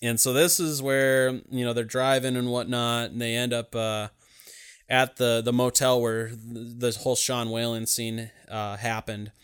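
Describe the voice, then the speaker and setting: Man with a smooth, clear voice. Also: medium pitch, a little slow. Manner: rambling, profane, animated storytelling. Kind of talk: casual chat recapping a film.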